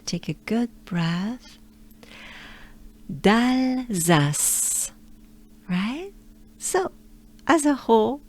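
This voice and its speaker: A woman's voice: mid-range voice, creaky, a little mellow. A woman from France with a French accent, teaching pronunciation patiently and drilling each sound again and again. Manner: patient, repeats sounds many times, laughs lightly. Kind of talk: slow drilled pronunciation lesson.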